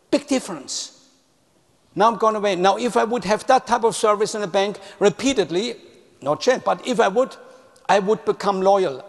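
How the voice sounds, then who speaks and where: A man with a high, gravelly voice gives a motivational talk on customer service, telling it as a story. He repeats words for emphasis and speaks with non-native phrasing. His voice rings with the long reverb of a large hall.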